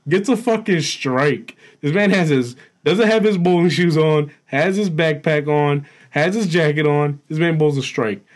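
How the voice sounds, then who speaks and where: A young man in casual chat, recounting a wild night out with animated energy. He laughs often and swears freely. His voice sits a little higher than most men's. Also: a little slow, hardly any pauses. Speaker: storyteller among friends.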